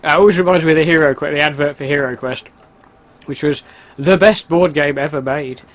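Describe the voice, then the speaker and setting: A man giving casual, chatty commentary while playing a video game, excitable and quick to laugh. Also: fairly high pitch, faint music behind. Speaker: let's play gamer.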